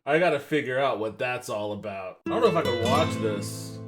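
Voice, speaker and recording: A man hosting a livestream, giving animated, casual reaction commentary that rambles and swears. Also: mid-range voice, a little fast, over loud music. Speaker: livestream host.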